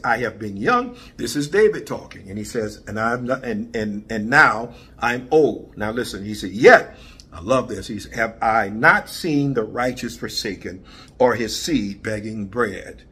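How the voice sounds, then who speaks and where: A man preaching a sermon in a bright, forceful voice with a husky edge. He teaches in a low, steady register and then climbs to shouted praise. He scatters hallelujahs and glory to God throughout. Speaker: pastor.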